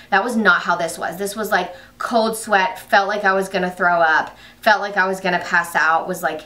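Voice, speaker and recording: A pregnant woman tells a story to her vlog camera, fast and rambling, with plenty of fillers and restarts. Her voice is bright and forward. The sound is echoey and picked up from a little way off. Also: medium pitch, recorded from a distance. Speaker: vlogger.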